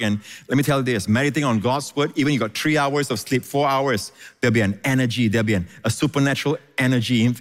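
Guy preaching a sermon, lots of amens and stumbles, middle pitch, echoey hall. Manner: repeats words, stutters and restarts, frequent amens. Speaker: pastor.

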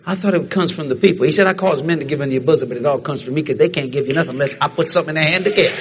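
A man preaching a sermon, telling a story in animated fashion and acting out the other people's lines. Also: fairly high pitch, rapid-fire, background noise.

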